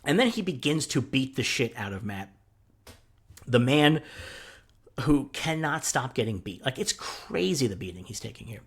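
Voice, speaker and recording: A man with a slightly husky voice talks through a TV episode in casual podcast chat. His pitch rises and falls a lot, and he swears freely and fills his sentences with "like" and "um". He sits at a mid pitch for a man. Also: moderate pace. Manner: animated, swears freely, many fillers. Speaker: podcast co-host.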